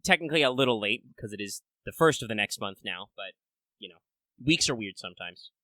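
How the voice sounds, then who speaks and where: A man's voice: fairly low pitch, animated, fairly quick, bright, forceful tone, dry recording. A man hosting a casual podcast, rambling and talking through many filler words and restarts. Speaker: podcast host.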